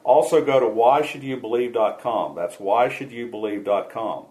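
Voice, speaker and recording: A man hosting a radio show, reading a scripted dialogue aloud in a measured way. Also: medium pitch, a little mellow, low-quality recording.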